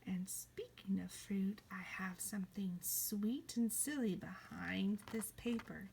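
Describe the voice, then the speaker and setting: A woman teaching a kindergarten reading lesson, playful, slipping into high excited cries and soft whispers. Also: takes it slowly, creaky, slight background noise.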